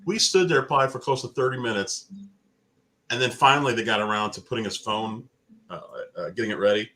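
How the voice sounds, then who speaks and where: A middle-aged man telling casual stories on a live chat show over a video call, animated and mimicking the people in his anecdotes. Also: on the low side, brisk.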